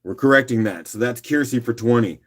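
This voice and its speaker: Man with a rough morning voice. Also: mid-range voice, a little fast. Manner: relaxed, chatty, clears throat often. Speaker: livestream auction host. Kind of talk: casual live auction chat.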